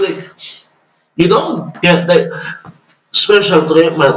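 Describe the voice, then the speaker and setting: Guy ranting on his vlog, kinda high voice, swears, sounds far off in a roomy space. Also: expressive, takes it slowly, long pauses, fairly bright tone. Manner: exasperated, swearing, mocking. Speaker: vlogger. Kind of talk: ranting commentary. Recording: echoey room, away from mic.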